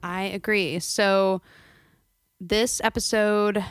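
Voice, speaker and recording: A woman's voice: medium pitch, steady tone, slow, smooth. Chatty, giggly woman podcast co-host. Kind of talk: casual chat.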